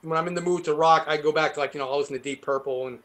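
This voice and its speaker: High-voiced New man telling stories. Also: steady tone, rapid-fire, a bit bright. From New York. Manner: swearing, rambling storyteller who laughs often. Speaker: guest guitarist. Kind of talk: casual interview chat.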